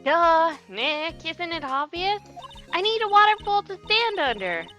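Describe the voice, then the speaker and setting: A woman's voice: extremely high pitch, animated, a little slow, bright, forceful tone, soft background music, heavily acted. A woman voicing a bubbly young spirit medium. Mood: earnest. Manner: bubbly, naive. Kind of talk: comedic game dub.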